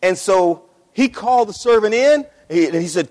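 A man's voice: high-pitched, lively intonation, normal speed, a little mellow. A man preaching a sermon as pastor, passionate, repeating his phrases and acting out the voices in his story. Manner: impassioned, repeats phrases, acts out quoted voices. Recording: long reverb of a large hall.

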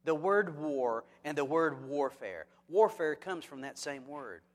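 A pastor with a somewhat high voice delivers a sermon, firing rhetorical questions at his listeners and dropping in jokes. His voice rings out with a long hall reverb, as in a church sanctuary. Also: measured pace. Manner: lively, asks the congregation rhetorical questions; joking asides.

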